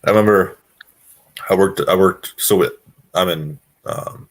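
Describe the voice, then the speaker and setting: A man's voice: low-pitched, measured pace. A man from Washington state chatting casually, laid-back and swearing freely. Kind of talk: casual chat.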